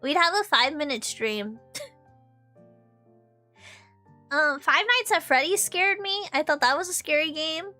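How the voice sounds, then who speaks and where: A woman's voice: high voice, unhurried, pauses often, faint music behind. A young adult woman streaming, chatting casually and telling stories with lots of laughter. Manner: animated storytelling, frequent laughter. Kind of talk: casual chat.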